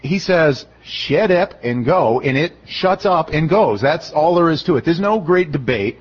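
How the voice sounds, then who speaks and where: A middle-aged pastor with a slightly high voice preaches unhurriedly, delivering an expository sermon in a conversational manner. He slips into the voices of the people he quotes during lively retellings, and the audio lacks its highs.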